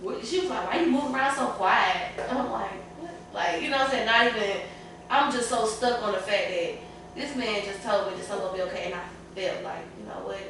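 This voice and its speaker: Woman guest, emotional and candid, sitting back from the mic in a roomy space with steady background noise. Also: mid-range voice, fairly quick. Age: adult parent. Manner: candid, tearful at times, colloquial. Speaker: podcast panel guest. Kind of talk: emotional casual panel talk. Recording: echoey room, far from the mic, clear room noise.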